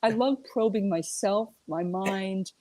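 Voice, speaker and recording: A woman's voice: medium pitch, slow, a loud crowd. A woman from the United States, a regular correspondent chatting casually and telling stories with lots of laughter. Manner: animated storyteller, laughs a lot. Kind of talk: casual chat.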